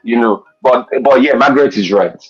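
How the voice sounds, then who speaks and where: A man's voice: mid-range voice, normal speed, breathy edge. A man, an emphatic, opinionated panelist in a sports debate. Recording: dull lo-fi sound.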